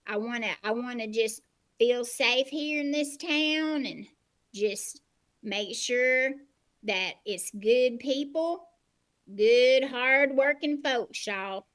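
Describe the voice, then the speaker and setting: A rambling, folksy farm widow with a drawl, played by a woman in live improv. She talks in a slightly high voice and circles her points with hesitant pauses, heard over a video call. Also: fairly bright tone. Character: lonely rural farm widow living with her animals. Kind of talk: improv comedy character.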